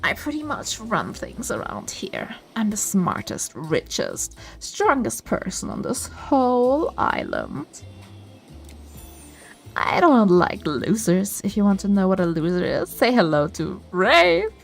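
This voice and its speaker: An arrogant, boastful man who sneers at losers, as a woman reads him aloud. His bragging comes out slow, with a lively, rising and falling pitch. Faint music sits in the background. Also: creaky, full character voice. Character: arrogant boastful male bully, leader of the group.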